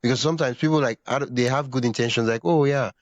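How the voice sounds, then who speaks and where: A man's voice: medium pitch, steady tone, very fast, no echo, lo-fi sound. A man hosting a podcast interview, thinking aloud and searching for words as he talks. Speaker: podcast host. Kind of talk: casual interview chat.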